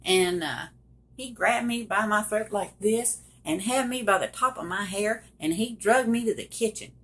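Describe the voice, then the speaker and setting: A woman's voice: mid-range voice, moderate pace, fairly bright tone. A middle-aged woman telling a personal story straight to the viewers, emphatic and direct. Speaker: survivor telling her story.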